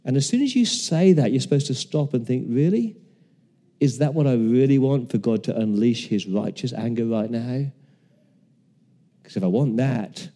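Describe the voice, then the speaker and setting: A man's voice: medium pitch, mellow. Fifties male pastor, earnest sermon delivery, echoing hall. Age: 50s. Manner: earnest, repeats words, acts out quoted voices.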